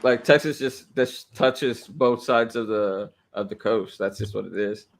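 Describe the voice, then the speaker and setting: A man's voice: fairly low pitch, unhurried, vocal fry, a little hiss or hum. A man from Illinois hosting a casual podcast chat, loose and joking, with some swearing. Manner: relaxed, swearing, laughing banter. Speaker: podcast host.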